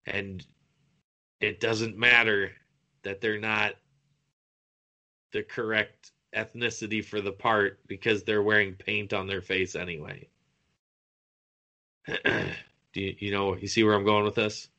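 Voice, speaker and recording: A man co-hosting a casual movie chat, taking his time and dragging out a mocking build-up. He talks very slowly in a lowish voice. The tone is bright and forceful. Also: little pitch movement. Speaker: podcast co-host.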